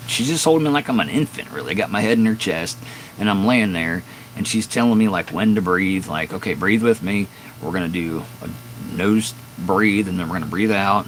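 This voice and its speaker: A man's voice: low-pitched, slight background noise, poor audio. A man in his fifties casually telling a long, candid story on a live stream from his garage, rambling with fillers and restarts. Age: 50s. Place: home garage with door open at dusk.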